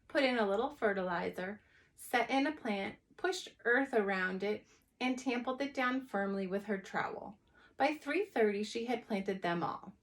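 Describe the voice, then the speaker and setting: A woman teacher reading a chapter book aloud to young children, expressive and adding plain asides. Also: on the high side.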